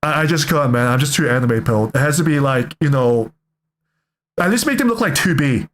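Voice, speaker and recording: A man's voice: mid-range voice, expressive, a little fast, fairly bright tone, a little hiss or hum. A young man giving casual reaction commentary, rambling and joking, often correcting himself mid-sentence. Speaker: reaction streamer.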